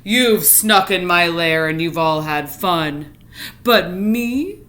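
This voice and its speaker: A big grumpy bear, woken up and complaining, played by a woman reading aloud. His slow grumble climbs into a wail. It is a storybook voice for children. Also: lowish voice, lively intonation, fairly bright tone, pitched below the performer's own voice. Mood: grumbling upset.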